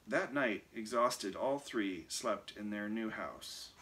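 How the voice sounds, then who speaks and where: A man reading a children's picture book aloud, expressive and lively. His voice sits on the low side yet sounds bright and forceful. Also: takes it slowly. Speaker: reader.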